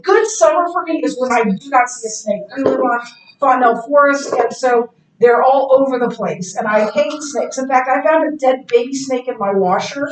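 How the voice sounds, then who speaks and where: A middle-aged woman teaching a Bible class in a casual, animated way, telling stories and laughing easily. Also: high-pitched, a little hiss or hum. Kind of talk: casual classroom lecture with anecdotes. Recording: echoey classroom, distant mic.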